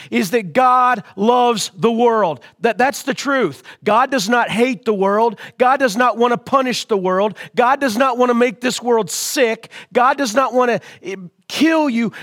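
A man preaching a sermon as pastor, calling out to his congregation and swelling louder on key lines. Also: very high-pitched. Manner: call-and-response preaching to an online congregation.

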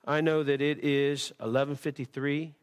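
A man's voice: fairly high pitch, little pitch movement, normal speed, clean tone. A male pastor preaching a sermon at a church service, impassioned, repeating words and restarting phrases.

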